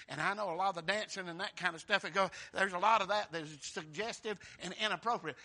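A male pastor preaching a sermon, swinging from quiet asides to shouted praise and calling out to the congregation. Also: high voice.

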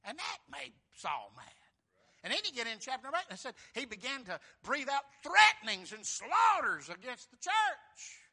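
A man's voice: wildly swooping pitch, moderate pace, pushed and bright. A man preaching a fervent, folksy sermon. He surges in force on key phrases and calls out "Amen?" to the congregation. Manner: fervent, surging in pitch and volume on key phrases.

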